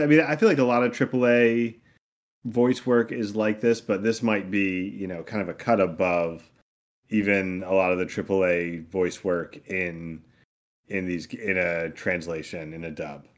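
Low-voiced man in measured chat. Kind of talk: casual chat.

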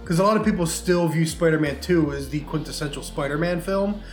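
On a podcast recorded in an echoey room with faint music, a male co-host chats casually about movies and games. His voice sits on the high side and moves fairly quickly, and his talk is rambling and full of fillers.

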